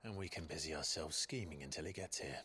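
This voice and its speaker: An actor playing a grave young male swordsman hero in a video game, speaking in a terse, low-key way. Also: fast talker, bright, forceful tone. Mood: serious.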